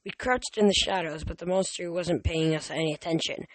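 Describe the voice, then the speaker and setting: Here a man reads a novel as an amateur audiobook, his voice on the high side and his pace slightly quick. Frequent stumbles and word restarts mark his reading, and there's no room sound.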